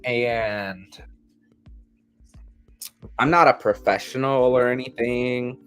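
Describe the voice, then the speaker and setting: Tipsy man, slow and hedging, amateur reader on a chat podcast. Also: medium pitch, fairly even intonation, fairly bright tone, clear, resonant tone, soft background music.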